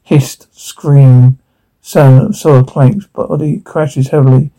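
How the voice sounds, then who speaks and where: A man's voice: mid-range voice, steady tone, slow pace, mellow, poor audio. A man reading a drama scene aloud, its sounds and dialogue, with stumbles and restarts as he goes.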